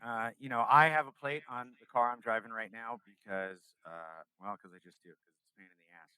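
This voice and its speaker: A man's voice: medium pitch, lively intonation, a little fast, sharp tone, clear, resonant tone, no echo, rough recording. A young man from California, a podcast guest, telling a story in casual interview talk and acting out the dialogue.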